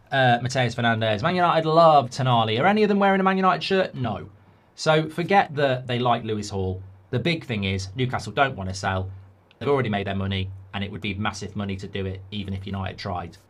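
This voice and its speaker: Male fan-channel host, mid-pitched voice, rants with sarcasm and rhetorical questions. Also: fairly quick, a bit bright. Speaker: football fan commentator. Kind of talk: ranting fan commentary.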